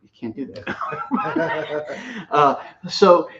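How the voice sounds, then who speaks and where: A man's voice: a little high, slow, dull audio, a crowd in the background. A man co-hosting a casual chat, rambling through stories and laughing often. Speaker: co-host.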